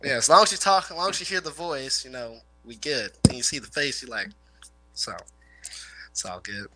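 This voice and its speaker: A man's voice: fairly high pitch, lively intonation, quick pace, heavy background noise. A man with a rural Midwestern country twang, rambling through stories in casual chat and swearing freely. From Illinois/Indiana area. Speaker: guest, former garbage man.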